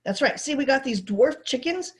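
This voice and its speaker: A woman reading aloud voices a hotheaded bald male construction foreman who hollers and blusters in rough, ungrammatical speech. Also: high-pitched, lively intonation, moderate pace, pitched above the performer's own voice. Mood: flustered.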